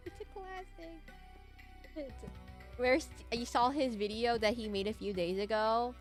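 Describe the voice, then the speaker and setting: Soft background music accompanies a fairly high-pitched woman who speaks at a measured pace. She's streaming a game, giggling, rambling goofily, and breaking into hummed or sung snippets during her casual commentary.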